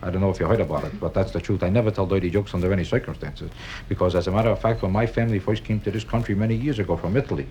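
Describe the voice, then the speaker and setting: A man doing stand-up comedy on a nightclub stage, with a deadpan, kvetching, sing-song delivery. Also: low voice, rapid-fire, poor audio. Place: nightclub stage before a live audience. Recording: 1962 live album with audience noise.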